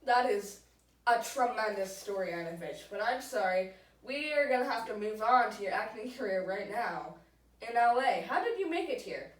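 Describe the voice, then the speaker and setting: A woman's voice: on the high side, expressive, normal speed, close to an everyday voice. A woman playing a polite, flustered male talk-show host in an improvised comedy sketch, apologetic as an interviewer. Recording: echoey room, far from the mic.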